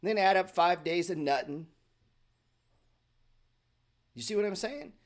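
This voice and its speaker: Middle-aged male host, slightly higher voice, blunt, profane, sarcastic, unscripted market chat. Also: animated, measured pace. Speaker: stock market show host. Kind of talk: casual livestream talk.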